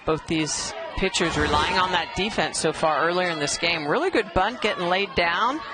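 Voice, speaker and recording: A woman giving color commentary on a youth softball game, encouraging and quick to praise the players. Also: fairly low pitch. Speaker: color analyst. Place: outdoor ballpark broadcast booth. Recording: crowd noise in the background. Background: crowd.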